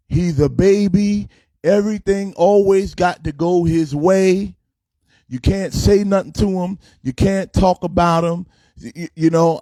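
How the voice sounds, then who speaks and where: Emphatic pastor talking sports, mellow voice. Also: male voice, on the high side, unhurried, dry recording. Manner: emphatic, folksy, repeats himself. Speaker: pastor and sports show host. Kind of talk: casual livestream sports chat.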